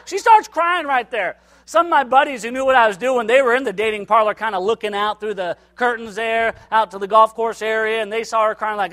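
A man preaching to a church, telling a personal story and acting out its dialogue with lively energy. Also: sits high, fairly quick. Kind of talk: sermon storytelling.

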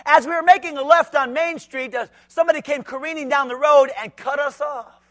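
A male pastor preaching a sermon, swinging between loud shouted outbursts and quiet low asides, with joking side remarks. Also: steady tone, brisk. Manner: jokey humorous asides.

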